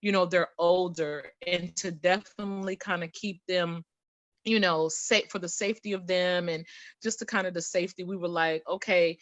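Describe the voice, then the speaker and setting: A woman's voice: on the low side, steady tone, normal speed, dry recording, dull audio. A woman speaking as a guest in a casual panel discussion, telling personal stories in a chatty way.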